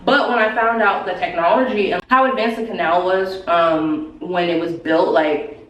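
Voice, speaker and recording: A woman's voice: lowish voice, fairly even intonation, normal speed, far from the mic, highs cut off. A woman vlogging her solo trip in casual chat, gushing and exclaiming as she goes. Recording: roomy sound from off-mic with faint ambience.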